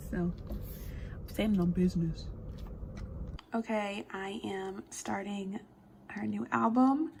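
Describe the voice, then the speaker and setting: A young woman in her twenties, fresh out of college, talks straight to her phone from a parked car. She is candid and excitable, dropping casual swears. A loud A C hum runs under her voice. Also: mid-range voice, slow, gravelly, long pauses, rough recording. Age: 20s. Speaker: vlogger. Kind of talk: casual vlog chat. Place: parked car with the air conditioning running.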